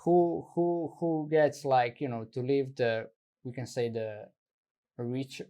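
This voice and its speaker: A man's voice: mid-range voice, steady tone, takes it slowly, mellow, muffled recording. A man from Slovenia, an English speaker, hosting a casual interview and searching for words as he talks. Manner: searches for words, frequent backchannel murmurs. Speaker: talk show host.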